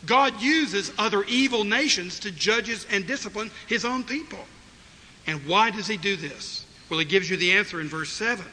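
A man's voice: high-pitched, bright, forceful tone. A man preaching an expository sermon, emphatic and acting out the voices he quotes. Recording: reverberant hall, faint noise.

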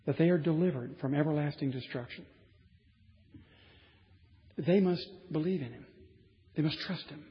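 High-voiced preacher in an echoing hall. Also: male voice, highs cut off. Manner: conversational, building to emphatic, with wry asides. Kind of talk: sermon.

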